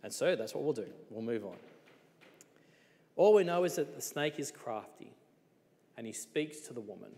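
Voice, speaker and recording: A man preaching a sermon in a relaxed, conversational way, with many rhetorical questions. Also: medium pitch, moderate pace, long pauses, big-room sound.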